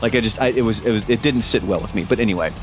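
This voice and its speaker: A man's voice: lowish voice, rapid-fire, over music. Casual, foul-mouthed male podcast co-host. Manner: swearing, laughing, reads social plugs.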